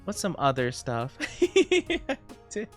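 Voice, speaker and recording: A woman's voice: sits low, wildly swooping pitch, slow pace, soft background music. A woman VTuber chatting casually on a livestream, rambling and giggly with lots of fillers. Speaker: VTuber streamer.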